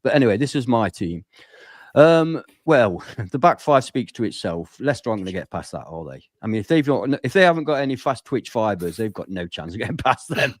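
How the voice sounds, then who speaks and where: A man in a casual football chat, talking in a relaxed, confident way. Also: mid-range voice, brisk, no echo, studio quality.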